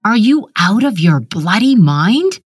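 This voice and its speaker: A woman's voice: mid-range voice, very animated, slow pace, breathy edge, no echo, clean studio sound, pitched above the performer's own voice, full character voice. A woman reading the lines of a shaken grown son pressing his family with urgent questions.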